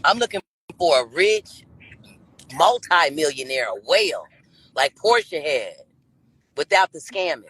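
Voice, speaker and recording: A woman's voice: low voice, sing-song, a little slow, long pauses, a bit bright, breathy edge, no echo, poor audio. A self-assured woman in her late fifties talks as a guest on a dating show, drawling and circling back to the same boasts. The sound is close and dry, with no room around it. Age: 50s. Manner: brash, drawling, self-assured, repeats herself. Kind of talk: boastful interview answers.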